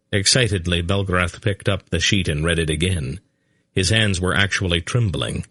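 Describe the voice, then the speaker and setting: Male narrator, fantasy audiobook, steady measured reading, low pitch. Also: no room sound, clean studio sound.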